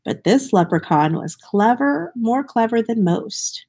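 A woman's voice: on the high side, unhurried. Woman reading a storybook aloud. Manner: expressive, explains the story as she goes.

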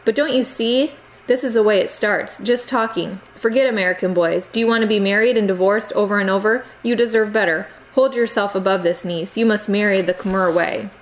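A woman's voice: mid-range voice, a little fast, close to an everyday voice, low-quality recording. Stern lecturing aunt, reproachful, raised voice, as a woman reads her, storybook. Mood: scolding. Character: stern scolding middle-aged aunt.

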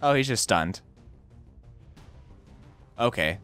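Animated man with swinging, playful inflections. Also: slow, clean tone, dry recording, faint music behind. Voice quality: swings pitch wildly, playful odd inflections, swears. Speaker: let's play host. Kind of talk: casual gameplay commentary.

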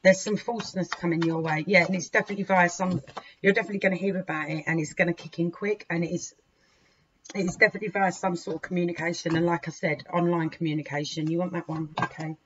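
A woman giving a weekly tarot reading, frank and indignant, swearing freely and breaking into sudden loud outbursts. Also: fairly low pitch, fairly even intonation, quick pace. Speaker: tarot reader. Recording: dull lo-fi recording with faint hiss.

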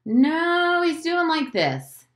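A woman's voice: very high voice, very animated, extremely slow, reverberant, voice pushed up, exaggerated voice. A woman reading aloud and voicing an earnest, worried young Southern boy in dialect.

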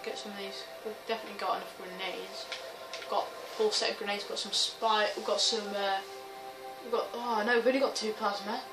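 Excitable woman, roomy distant sound. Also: mid-range voice, brisk. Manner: excitable, swears, shrieks and laughs often. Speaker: gaming video host. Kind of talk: let's-play commentary. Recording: roomy, distant mic with game music. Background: game music and sounds.

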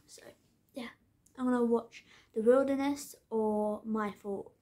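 A young woman with a fairly high voice talks casually to her viewers, filling gaps with ums and yeahs. She rambles easily from one thing to the next in a relaxed vlog style. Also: measured pace. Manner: chatty, rambling with many fillers. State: out of breath while walking. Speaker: vlogger.

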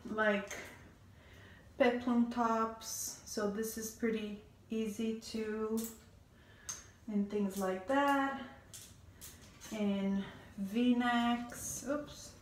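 A pregnant stylist talks through her clothes in a slow, meandering way, pausing on ums and breathing a little hard. Her voice sits slightly high. The sound is roomy and echoey, with the mic some distance off. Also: a bit bright, a little hiss or hum. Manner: slow, rambling, many ums and restarts. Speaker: fashion stylist vlogger. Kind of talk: casual closet tour.

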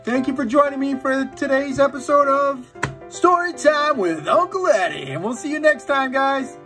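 A man hosting a children's storytime, reading a picture book aloud in an animated, sing-song way. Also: very high-pitched, normal speed, faint music behind.

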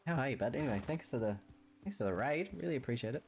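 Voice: mid-range voice, animated, racing, faint music behind. An Australian streamer chatting casually during a roleplay game stream, laughing often and swearing freely.

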